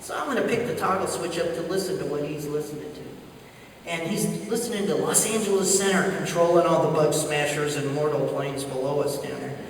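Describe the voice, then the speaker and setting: A man's voice: fairly high pitch, brisk, a little hiss or hum. A man giving a humorous storytelling speech at a conference, acting out radio voices as he goes. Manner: animated anecdotal delivery, acts out radio voices. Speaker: keynote speaker. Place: large conference hall. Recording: echoey hall, speaker far from mic.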